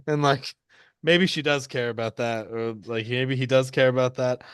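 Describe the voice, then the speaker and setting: A man's voice: mid-range voice, steady tone, moderate pace, fairly bright tone, smooth, no echo, clean studio sound. A man playing a tabletop role-playing game, talking casually in a rambling way with many fillers and laughs. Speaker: player.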